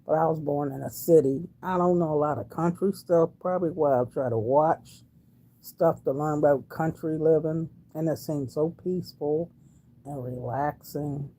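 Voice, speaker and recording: A woman's voice: deep voice, normal speed, mellow. A woman in her sixties from Wilmington, Delaware, chatting casually on a livestream and answering viewers in a folksy way. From Wilmington, Delaware, USA. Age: 60s. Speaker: livestream host reading viewer comments. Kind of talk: casual live-stream chat.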